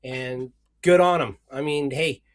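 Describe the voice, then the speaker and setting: A man's voice: mid-range voice, unhurried. A man co-hosting a casual sports podcast, ranting with sarcastic mock sadness. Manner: sarcastic, mock-emotional rants. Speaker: podcast co-host.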